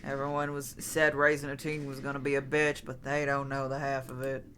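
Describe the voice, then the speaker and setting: A woman streamer voicing a weary, curt female doctor giving brisk orders over an intercom. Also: a bass voice, flat delivery, fairly bright tone, a little hiss or hum, voice pushed down.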